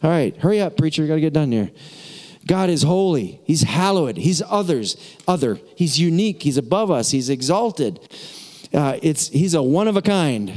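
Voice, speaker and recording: A man preaching a sermon, talking directly and conversationally to his congregation, going soft and low when he prays. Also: sing-song, moderate pace. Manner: conversational, speaks straight to the congregation; drops to a soft, low voice in prayerful moments. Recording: long hall reverb.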